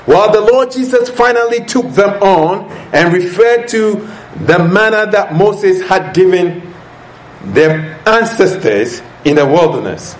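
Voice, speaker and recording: Male preacher, high voice, unhurried sermon delivery, echoey room. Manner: deliberate, asks rhetorical questions to the listeners. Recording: echoey room with faint ambient noise.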